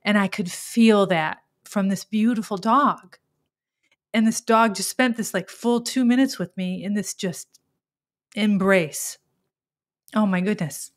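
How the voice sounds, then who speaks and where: A middle-aged woman talks through a reflective spiritual monologue as a podcast host. She is earnest and openly emotional, with a mid-pitched voice. She often stumbles and restarts as she goes. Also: measured pace.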